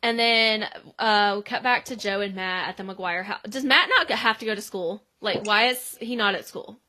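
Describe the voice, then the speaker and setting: Bright-voiced woman podcast co-host. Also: mid-range voice, normal speed. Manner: chatty, acts out quotes. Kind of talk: casual episode recap.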